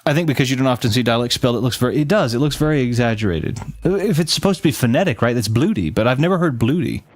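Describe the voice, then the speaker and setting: A man's voice: mid-range voice, expressive, quick pace, no room sound. A man talks through a game on a live stream, chatting with his viewers as he plays. He rambles, often restarts his sentences and corrects himself mid-thought. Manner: reads game text aloud between chatting with viewers. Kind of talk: casual gameplay commentary with live chat.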